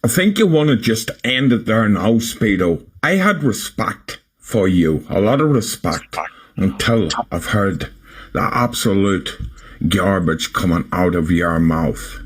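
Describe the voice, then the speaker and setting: A man's voice: fairly low pitch, lively intonation, a little slow, breathy edge. A man on a livestream, indignantly scolding someone. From England. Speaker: livestream guest. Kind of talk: angry livestream rebuke.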